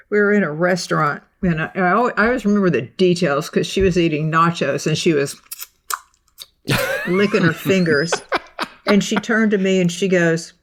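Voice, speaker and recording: A woman co-hosting a faith podcast, telling a personal story in an animated way and acting out what people said. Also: fairly low pitch. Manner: animated storytelling, acts out quotes. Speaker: podcast co-host. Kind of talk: casual devotional discussion.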